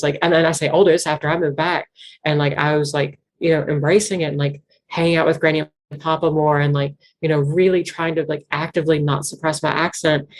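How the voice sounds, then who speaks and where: A woman with a deep, low voice and a Southwest Virginia Appalachian accent, talking in a casual interview. She rambles earnestly, circling back and leaning on "like" as she goes. She sounds like a young adult. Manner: rambling, earnest, heavy use of "like" fillers. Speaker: interview guest, banjo musician.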